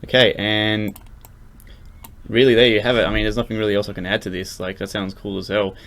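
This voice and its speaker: A young man narrates a casual screen-recorded music production tutorial, loose and rambling with plenty of fillers and restarts. He speaks fairly quickly in a fairly low, level voice with vocal fry, as loud synth music and keyboard typing sound in the background.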